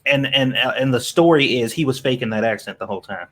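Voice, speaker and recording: A man's voice: medium pitch, quick pace, fairly bright tone. Man making joking asides on a podcast. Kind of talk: casual podcast chat.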